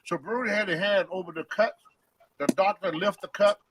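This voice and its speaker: A man's voice: high voice, normal speed, background noise. An older man, a former wrestler, telling stories casually and animatedly, acting out quotes with loose grammar. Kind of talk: casual storytelling.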